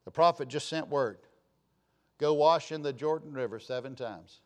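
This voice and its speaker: Preaching from the pulpit at a moderate pace, a pastor with a high voice repeats phrases for emphasis. His folksy delivery swings between quiet asides and sudden loud bursts.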